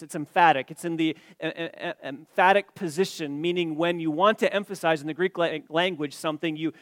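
A man preaching an expository sermon to his church, stressing key words loudly and then dropping his voice low, with some stammering restarts. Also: no room sound, studio quality. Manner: emphatic, rising to loud stresses then dropping quiet. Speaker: pastor.

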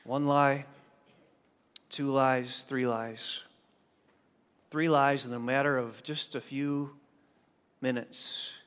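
A man preaching a sermon as pastor, swinging from hushed, drawn-out phrases to loud emphatic lines. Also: mid-range voice, fairly even intonation, clean tone, big-room sound.

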